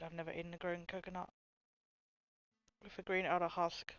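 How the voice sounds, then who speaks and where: A woman's voice: on the low side, flat delivery, moderate pace, no echo. A woman livestreaming, thinking aloud while searching, laughing a lot and swearing freely. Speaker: livestreamer reading chat. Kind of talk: casual livestream chat.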